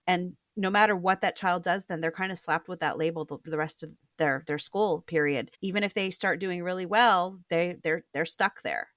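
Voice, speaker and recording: A woman's voice: lowish voice, normal speed, few pauses, fairly bright tone, no echo, studio quality. A middle-aged woman, a homeschooling mother, explaining her views earnestly in a casual interview, often restarting her sentences. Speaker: homeschooling mother, podcast guest.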